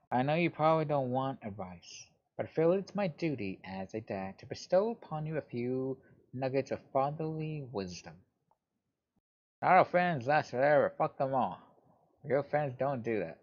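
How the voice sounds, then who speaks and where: A man's voice: mid-range voice, sing-song, moderate pace. A man reading a game's narration and dialogue aloud, giving earnest fatherly advice, on a dull lo-fi recording. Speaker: let's play host.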